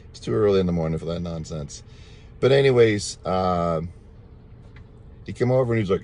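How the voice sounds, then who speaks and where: A man's voice: low voice, expressive, a little fast, a little mellow. A man casually telling viewers a rambling, repetitive personal testimony, full of thanks to God. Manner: religious, thankful. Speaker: storyteller sharing a testimony.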